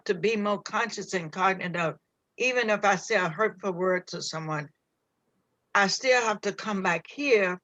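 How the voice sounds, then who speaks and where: A woman's voice: mid-range voice, sharp tone, no echo, highs cut off. A woman sharing reflective, heartfelt thoughts on a group call, earnest and searching, often restarting her sentences. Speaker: call participant.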